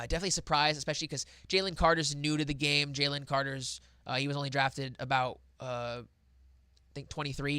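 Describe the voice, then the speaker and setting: A young man hosting a sports podcast, rambling excitedly about football with lots of fillers and restarts. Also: a little high, clean tone, no echo, studio quality. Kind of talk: casual football talk.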